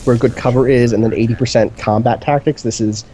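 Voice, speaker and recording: A man chatting casually on a gaming stream with a mellow, warm tone, at an ordinary pitch. He rambles eagerly from one point to the next and fills his pauses with "um". A faint hum of noise sits under his voice. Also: fairly even intonation. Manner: enthusiastic, rambling, many fillers. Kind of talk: casual chat. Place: indoor streaming setup.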